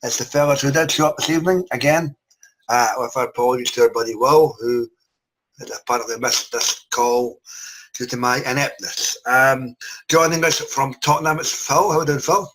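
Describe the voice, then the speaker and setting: A man's voice: medium pitch, fairly even intonation, moderate pace, fairly bright tone, rough recording. A man hosting a casual podcast chat, introducing guests with jokes and lots of filler words. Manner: jokey, rambling with fillers. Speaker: podcast host.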